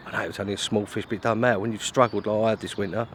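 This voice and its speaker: A man's voice: fairly low pitch, flat delivery, racing, slight background noise. Chatty man vlogging by a lake. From Britain. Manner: chatty, self-mocking, grumbling asides. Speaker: fishing vlogger. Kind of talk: casual vlog to camera. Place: outdoors at a lake in wind and rain.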